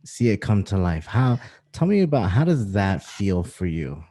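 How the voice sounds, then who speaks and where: A man's voice: low-pitched, sing-song, normal speed, warm tone. A man hosting a podcast, asking rambling, enthusiastic questions in casual chat. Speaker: podcast host.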